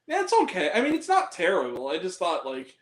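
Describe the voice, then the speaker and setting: A man hosting a casual film review chat, animated and profane, quick to laugh and shout. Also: sits high, roomy sound. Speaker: podcast host.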